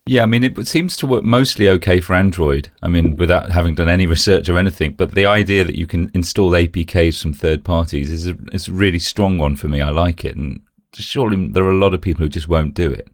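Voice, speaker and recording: Deep-voiced man rambling in tech chat. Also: fast talker, few pauses, no room sound, clean studio sound. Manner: rambling, self-correcting. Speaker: podcast co-host.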